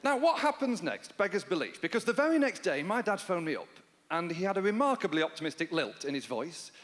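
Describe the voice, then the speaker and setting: A man doing stand-up comedy live on stage, telling stories in a dry, deadpan way with bursts of mock panic. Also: high voice, brisk. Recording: hall reverb with guitar music.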